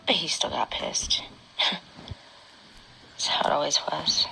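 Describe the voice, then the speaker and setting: A woman speaking an emotional personal testimony straight to her former partner, often dropping to a hushed whisper. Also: deep voice, steady tone, slow, creaky, rough recording. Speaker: mother recounting her own experience.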